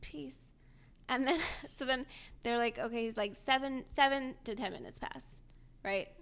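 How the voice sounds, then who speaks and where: A young woman with a bright, somewhat high voice tells a story in relaxed podcast chat. She is animated, laughs often and acts out the people she quotes. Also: moderate pace, clean tone. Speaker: podcast co-host.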